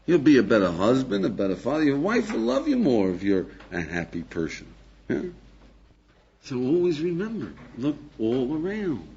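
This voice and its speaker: Man, rabbi lecturing a class, lively swooping voice, rhetorical questions, dull lo-fi tape. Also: mid-range voice, breathy edge. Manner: animated, fires rhetorical questions, acts out dialogues, chuckles. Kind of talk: lively lecture to a live audience.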